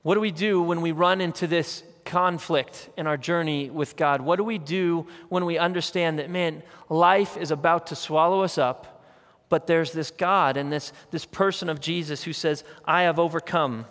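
A male pastor delivers a sermon in a conversational, earnest way. His voice sits a little higher than most men's. He drives his points home with repeated phrases, and his words ring out with the long reverb of a large church sanctuary. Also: moderate pace, fairly bright tone. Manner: earnest, conversational storytelling with emphatic repetition.

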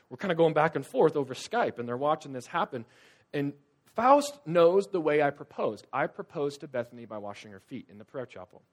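Young male preacher, loud-to-hushed swings. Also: animated, a little fast. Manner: swings from loud, urgent bursts to quiet, low-voiced confiding; conversational storytelling with casual fillers. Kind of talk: sermon.

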